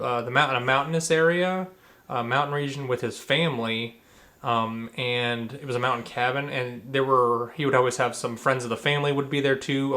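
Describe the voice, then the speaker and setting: A man's voice: mid-range voice, pushed and bright. A man co-hosting a podcast, explaining at length in a casual, rambling way with many fillers and restarts. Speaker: podcast co-host. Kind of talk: casual chat.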